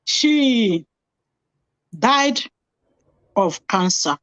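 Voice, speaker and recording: A woman's voice: on the high side, sing-song, extremely slow, fairly bright tone, dry recording, lo-fi sound. A middle-aged woman telling a painful personal story earnestly, repeating phrases for emphasis. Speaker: guest telling her story.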